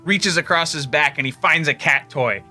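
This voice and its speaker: A man running a tabletop game as game master, telling the scene with lively storytelling and frequent laughter. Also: fairly high pitch, moderate pace, soft background music.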